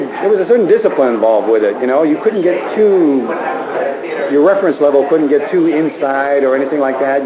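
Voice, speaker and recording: A man reflects on his stage work in an interview, stopping and restarting often. His voice sits at a middle pitch. The recording sounds a little dull, with a crowd murmuring behind him. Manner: reflective, halting. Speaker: improviser.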